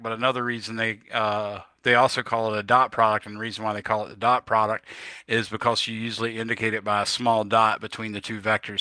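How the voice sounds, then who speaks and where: A man's voice: mid-range voice, sharp tone, no echo. A man teaching a physics class in a casual, rambling lecture style, often correcting himself and using filler words. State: yawning, a bit tired. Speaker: physics instructor.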